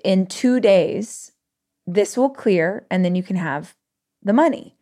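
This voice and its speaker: Woman podcast host telling a personal story. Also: medium pitch. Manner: emotional, animated storytelling with quick bursts.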